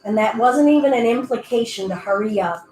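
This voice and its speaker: Faint music and an echoey indoor room surround a woman guiding a virtual yoga class. Her fairly high, darkish voice moves a little fast as she chats playfully and gives little voices to her breath and body.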